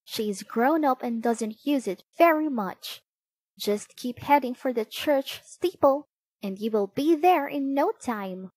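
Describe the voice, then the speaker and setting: Woman reading sweet helpful little girl, high lively voice, slow. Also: no room sound, full character voice. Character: young girl, helpful and cheerful.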